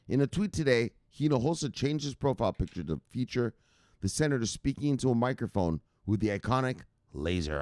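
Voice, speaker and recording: A man hosting a late-night crypto news show, loud and profane, laughing and bursting into shouts. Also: fairly low pitch, no room sound, studio quality. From United States. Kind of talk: rowdy profane news commentary. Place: home at night in a city.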